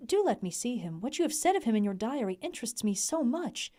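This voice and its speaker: Lady doing a sweet eager young woman, higher voice, pleading and polite. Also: very animated, a little fast, dark tone.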